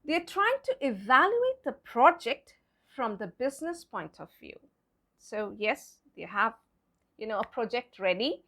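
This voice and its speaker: A woman teaching English pronunciation, spelling out words letter by letter, repeating them slowly and hushing playfully over silent letters. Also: a little high, big pitch swings. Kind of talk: explaining pronunciation to viewers.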